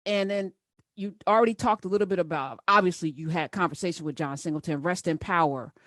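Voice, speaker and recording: A woman's voice: on the low side, brisk, fairly bright tone, no echo, clean studio sound. A woman hosting an interview, chatty and enthusiastic. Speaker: radio show host.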